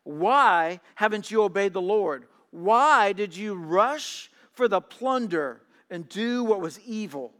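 A man preaching a sermon, reading scripture and explaining it, swinging from hushed trailing lines to loud emphatic reading, sometimes stammering on repeated words. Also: high voice, lively intonation, slow pace, few pauses, long reverb tail.

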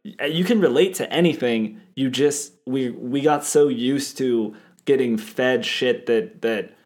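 A man's voice: medium pitch, a little slow, a little mellow. A man co-hosting a casual chat, talking in a thoughtful, reflective way with plenty of "like" fillers.

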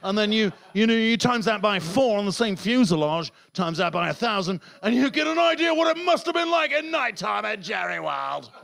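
A man's voice: high voice, big pitch swings, normal speed, vocal fry, hardly any pauses, a bit bright. A man doing surreal stand-up comedy and chatting about his set, absurd and sweary. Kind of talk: surreal stand-up with interview chat.

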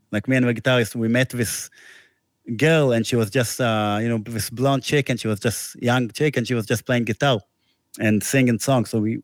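A man's voice: mid-range voice, no room sound. Musician guy rambling thru a tour story, dry close sound. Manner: rambling anecdotes with restarts and laughs. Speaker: musician guest. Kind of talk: casual storytelling interview.

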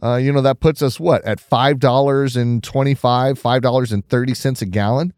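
A man's voice: medium pitch, steady tone, normal speed, a little mellow, no echo, clean studio sound. A middle-aged man from Southern California hosting a casual news commentary stream, talking in a conversational, opinionated way as he reacts to the news.

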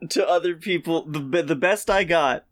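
A man's voice: fairly high pitch, normal speed. A young man co-hosting a podcast, telling school stories and laughing as he goes. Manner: laughs through his stories. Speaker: podcast co-host. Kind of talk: casual chat.

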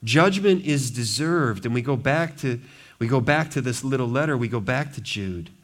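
Speaking fairly quickly in a mid-range voice, a male pastor delivers an emphatic sermon that moves back and forth between loud proclamations and quiet asides.

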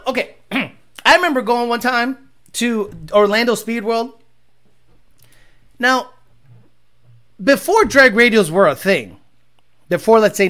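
A man's voice: high-pitched, sharp tone. A man hosting a livestream, telling rambling stories and mocking his chat in a casual, profane way. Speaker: livestream host reading chat.

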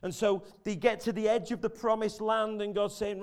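A man's voice: high-pitched, fairly even intonation, normal speed, clear, resonant tone. A man giving a chatty, jokey sermon in a church, telling the story with many restarts. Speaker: preacher. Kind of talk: casual sermon.

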